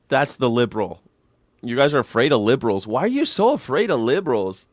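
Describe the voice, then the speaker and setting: A man's voice: medium pitch, very animated, brisk, no room sound, studio quality. A man hosting a live call-in show, ranting sarcastically and profanely about politics and mocking people in put-on voices.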